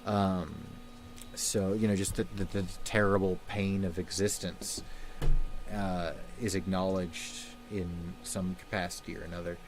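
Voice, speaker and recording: Subdued halting man on a livestream. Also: low-pitched, flat delivery, background noise. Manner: subdued, halting, many fillers. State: sad. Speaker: livestream host. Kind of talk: casual livestream chat.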